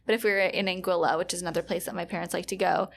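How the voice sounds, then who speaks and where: A young woman in her twenties talks casually as a podcast co-host, her voice carrying a gravelly, vocal-fry edge. She rambles a little, trailing off with fillers as she thinks aloud. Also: lowish voice, steady tone, very fast, slight background noise. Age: 20s. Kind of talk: casual chat.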